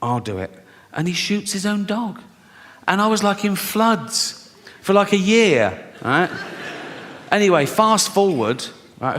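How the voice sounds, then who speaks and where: A man doing stand-up comedy, swearing, acting out bits, and laughing at his own jokes. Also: fairly high pitch. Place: large theatre with audience. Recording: live hall recording with loud crowd laughter.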